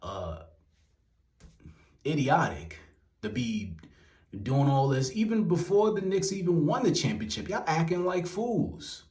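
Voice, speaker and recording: A man's voice: on the high side, sing-song, a little slow, long pauses, darkish tone. Young New guy, exasperated profane rant, roomy echoey room. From New York. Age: young adult. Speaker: commentary vlogger. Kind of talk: ranting commentary. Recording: roomy echo.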